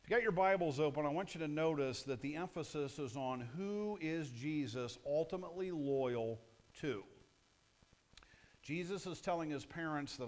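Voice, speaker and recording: A man's voice: a little high, lively intonation, moderate pace. A male pastor preaching a sermon in a conversational, punchy way, often asking the audience questions.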